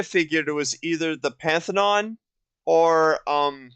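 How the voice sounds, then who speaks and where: Young man, twenties, gaming commentary, rambling, halting, many fillers, slow, dry recording. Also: a little high, gravelly, fairly bright tone, clean tone, dry recording. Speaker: gaming video host. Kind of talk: casual let's-play commentary.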